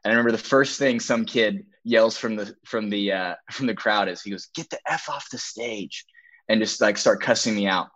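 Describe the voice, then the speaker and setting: A man's voice: on the low side, steady tone, a little fast, few pauses, fairly bright tone. A young man telling a story as a podcast guest, earnest and emphatic, acting out quoted dialogue. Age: young adult. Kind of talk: storytelling testimony. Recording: dull lo-fi audio.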